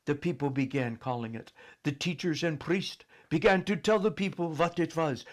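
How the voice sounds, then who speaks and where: A man narrating a storybook in an expressive, dramatic reading style. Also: mid-range voice, unhurried, creaky.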